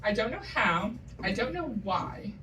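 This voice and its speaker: With a mid-range voice, big pitch swings and a measured pace, a woman from New England works through a stand-up set of wry, self-deprecating stories and punchy asides. She's on a comedy stage, caught by a distant mic over a loud live audience.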